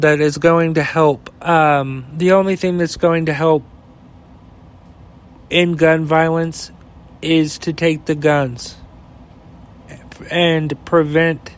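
A man rants in a heated, profanity-laced monologue. He speaks slowly and deliberately in a fairly high voice, with his thoughts rambling as he goes. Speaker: podcast host. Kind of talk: opinion rant.

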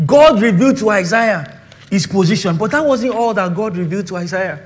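Nigerian preacher guy, really high voice, goes loud then quiet, keeps asking the church questions. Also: expressive, brisk. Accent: Nigerian English. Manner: dynamic, swings from loud to hushed, asks the congregation rhetorical questions. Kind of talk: sermon.

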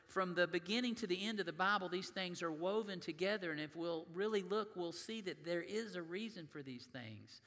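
A man's voice: high-pitched, moderate pace, few pauses, fairly bright tone, in a large hall. A man preaching a sermon in a church, reading scripture aloud in a conversational way. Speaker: pastor. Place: church sanctuary.

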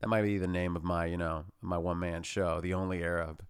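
Blunt, profane young man, smooth voice. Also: low voice, flat delivery, brisk, no echo, clean studio sound. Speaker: podcast guest. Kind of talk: casual podcast chat.

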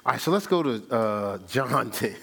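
A man's voice: mid-range voice, creaky, husky. A man preaching a sermon, firing rhetorical questions at the congregation and reading scripture aloud. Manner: animated preaching with rhetorical questions and call-and-response; reads scripture aloud in a slow cadence. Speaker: pastor.

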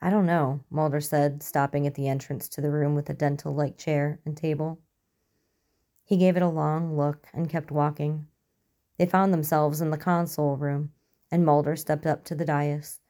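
Low-voiced woman reading a story. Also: little pitch movement, normal speed, warm tone. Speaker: narrator. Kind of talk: storytelling narration.

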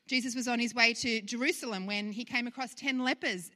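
A woman's voice: on the high side, a little fast, bright, forceful tone, in a large hall. A woman pastor giving a conversational sermon full of rhetorical questions.

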